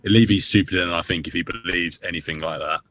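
A man's voice: low-pitched, fairly even intonation, fast, fairly bright tone, slight background noise. A man co-hosting a casual football podcast, hesitant and trailing off. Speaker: podcast co-host. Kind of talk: casual chat.

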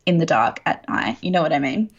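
A woman's voice: deep voice, expressive, fairly quick, highs cut off. A woman co-hosting a podcast, chatting casually and gushing, with lots of fillers. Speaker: podcast co-host. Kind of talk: casual chat.

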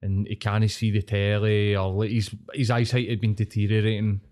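A man's voice: on the low side, flat delivery, normal speed, darkish tone. A Scottish man co-hosting a podcast, rambling through stories with lots of swearing. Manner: rambling, swears a lot, laughs often. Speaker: podcast co-host. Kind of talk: crude casual banter.

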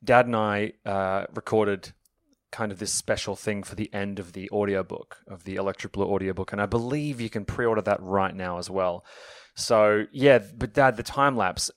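A man's voice: on the low side, normal speed, no echo, clean studio sound. A young man chatting enthusiastically on a podcast, joking and plugging his book. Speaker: podcast co-host and author. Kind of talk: casual chat.

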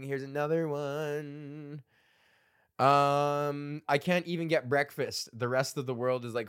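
A man's voice: a little high, fairly even intonation, measured pace, a bit bright, smooth. A man in his thirties hosting a solo comedy podcast, reading out old jokes, rambling and swearing, laughing at his own material.

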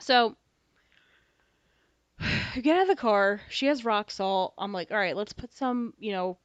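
A young woman co-hosting a podcast, telling a story in casual chat, animated, swearing freely and acting out dialogue. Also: mid-range voice, unhurried, dry recording. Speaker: podcast co-host. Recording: slightly dull dry podcast mic.

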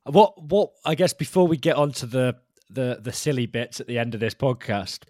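Podcast host guy asking laid back questions, middle pitch. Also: expressive, moderate pace, mellow. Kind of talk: casual interview questions.

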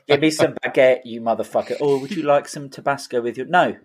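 A man's voice: mid-range voice, quick pace. A man co-hosting a podcast, tipsy and ranting with mock outrage in casual chat. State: drunk. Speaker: podcast co-host.

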